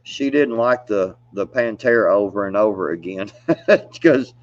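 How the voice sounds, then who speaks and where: With a fairly low pitch and a slightly slow pace, this man tells stories in a casual, drifting way, laughing often and filling silences with "you know." It's a dull, dry, lo-fi recording.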